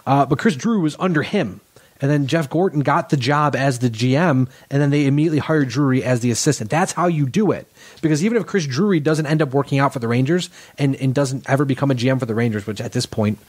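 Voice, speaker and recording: A man's voice: mid-range voice, a little mellow. A man co-hosting a casual sports podcast, talking in long rambling runs full of restarts and self-corrections. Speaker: podcast co-host.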